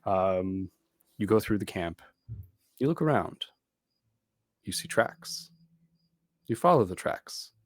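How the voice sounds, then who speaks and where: A man narrating as game master in a relaxed, meandering way, with many ums. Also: sits low, slow pace, pauses often, dry recording.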